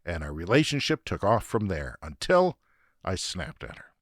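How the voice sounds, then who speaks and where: Canadian male podcast host, comic monologue, swears freely, lively pitch, dry sound. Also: moderate pace, dry recording. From Saskatchewan, Canada. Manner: profane, ranting, self-deprecating. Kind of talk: comedic storytelling monologue.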